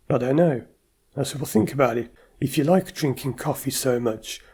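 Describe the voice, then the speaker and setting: A man's voice: medium pitch, mellow, husky. A man, a driving anxiety therapist, talks casually to camera and tells a client story, acting out the client's stammering replies. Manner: anecdotal, acts out client stammering.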